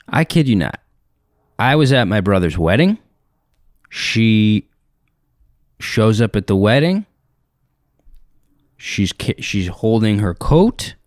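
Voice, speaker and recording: Animated, profane comedian telling a story. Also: male voice, fairly low pitch, dry recording, clean studio sound. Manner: animated, profane, acts out dialogue in character voices.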